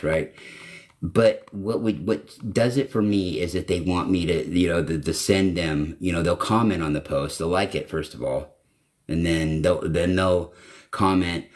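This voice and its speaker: Deep-voiced man rambling on a livestream. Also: moderate pace. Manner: rambling, profane storytelling with acted-out quotes. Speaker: channel host. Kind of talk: casual live-stream talk.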